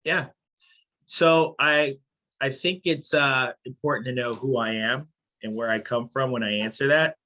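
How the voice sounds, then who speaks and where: Thoughtful middle-aged man, bright tone. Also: medium pitch. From born in Haiti, raised in New York. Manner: thoughtful, measured, reflective. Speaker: podcast guest, company CEO. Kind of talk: casual podcast interview.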